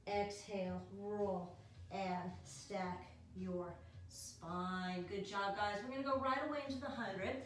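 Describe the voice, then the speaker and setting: A woman leading a home pilates class, counting reps and cueing breaths in an encouraging way. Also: a little high. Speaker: pilates instructor. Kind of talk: guided exercise class. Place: dining room at home. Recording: very echoey room, distant mic, faint noise.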